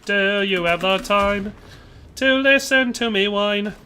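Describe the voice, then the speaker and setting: A man's voice: high-pitched, slow, bright, forceful tone, slight background noise. A man live-streaming a shooter game, chatting casually and reading viewer comments, rambling and tacking playful tag phrases onto his lines. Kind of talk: casual gameplay commentary while reading chat.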